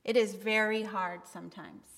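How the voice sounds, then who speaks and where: A woman's voice: medium pitch, moderate pace, gravelly, fairly bright tone. A woman pastor giving a candid, conversational sermon with bursts of emphasis, recorded in a church. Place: church sanctuary. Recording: long reverb of a church hall.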